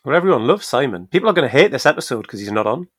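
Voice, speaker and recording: Podcast guy, dry matter-of-fact delivery, middle pitch. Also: sing-song, very fast, a bit bright, husky. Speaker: podcast co-host. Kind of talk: casual chat.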